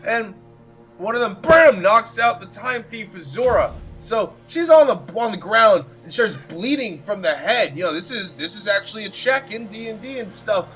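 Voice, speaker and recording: High-voiced rambling game master man. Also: moderate pace, faint music behind. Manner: rambling and profane, full of "like" fillers; animated, with sudden loud bursts. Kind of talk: casual session recap storytelling.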